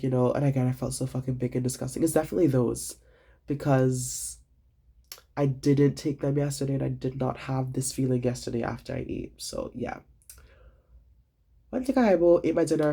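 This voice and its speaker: A young student vlogger tells his story with animated, over-the-top drama and plenty of swearing. His voice is dark and mellow, with a gravelly fry. It has a husky, slightly breathy edge. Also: medium pitch. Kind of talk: casual storytime vlog.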